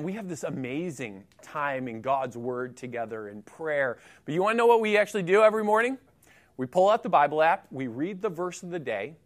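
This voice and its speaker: Middle-aged male pastor, high voice, conversational sermon delivery with humor. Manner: conversational, animated, jokey asides.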